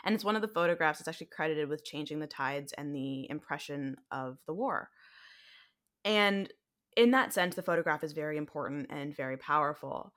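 This is a young woman with an American accent, co-hosting a casual podcast. Her voice sits low for a woman. She talks easily and fills her pauses with ums and likes. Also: expressive, a bit bright. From United States. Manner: chatty, frequent ums and likes. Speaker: podcast co-host. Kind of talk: conversational podcast discussion.

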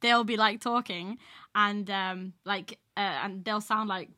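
A woman's voice: medium pitch, steady tone, takes it slowly, bright, forceful tone, no room sound, clean studio sound. A young woman co-hosting a podcast, blunt and foul-mouthed, laughing often in casual chat. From England. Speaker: podcast co-host.

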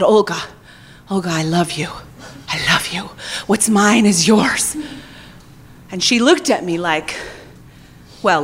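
Woman with a high voice telling a crude funny story about herself on stage, swears a lot, faint hiss behind. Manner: profane, animated, self-mocking. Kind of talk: live comic personal storytelling.

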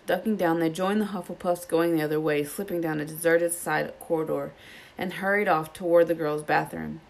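A woman reads a children's novel aloud with steady, plain narration. Her voice is low and carries a gravelly fry. She keeps an even reading pace. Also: a little fast. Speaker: storybook reader.

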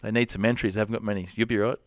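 A man's voice: on the low side, fairly even intonation, very fast, no echo, clean studio sound. A man with an Australian accent, a rodeo cowboy telling stories in a casual interview, rambling with lots of fillers and restarts.

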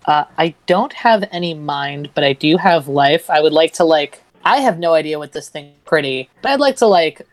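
A woman's voice: low-pitched, animated, moderate pace, few pauses, no room sound. A woman playing in a tabletop game, thinking aloud in a hesitant way with many fillers. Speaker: player. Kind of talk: tabletop game play, casual.

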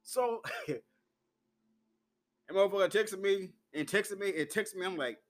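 A man's voice: high-pitched, lively intonation, unhurried. A man from Memphis, hosting an uncensored solo talk show, brash and profane, laughing often as he tells his stories.

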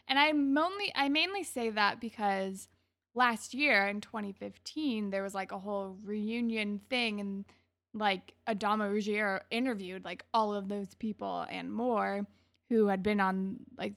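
A woman's voice: mid-range voice, moderate pace, vocal fry, a bit bright. A young woman co-hosting a casual TV recap chat, retelling scenes with quoted dialogue. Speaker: podcast co-host.

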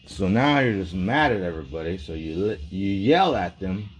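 A man's voice: sits low, sing-song, moderate pace, soft background music. A man delivering a rambling, profane, agitated monologue in casual talk.

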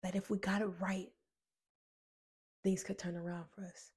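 A woman's voice: medium pitch, little pitch movement, moderate pace, creaky, dark tone, slightly rough. A woman giving a motivational talk, telling a personal story in an earnest, emotional way, addressing listeners as friends and repeating key phrases. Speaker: motivational speaker.

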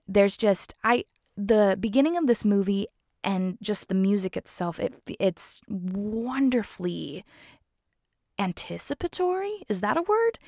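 A woman's voice: mid-range voice, vocal fry, darkish tone, dry recording, clean studio sound. A woman hosting a podcast, chatty and gushing, mixing casual chat with reading aloud. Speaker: podcast host.

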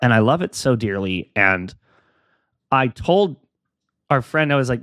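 A man's voice: medium pitch, lively intonation, unhurried, long pauses, a bit bright, no room sound, studio quality. A young adult man hosting a casual solo podcast, rambling and self-deprecating while he encourages his listeners. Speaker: podcast host.

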